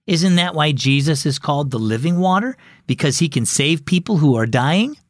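A man's voice: on the high side, lively intonation, normal speed, no room sound, clean studio sound, lightly acted. A man voicing a theatrical, earnest young boy in a storybook reading.

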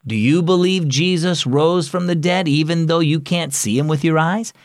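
A man hosting and narrating a scripted children's devotional story, reading clearly and expressively. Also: fairly high pitch, moderate pace, dry recording, clean studio sound.

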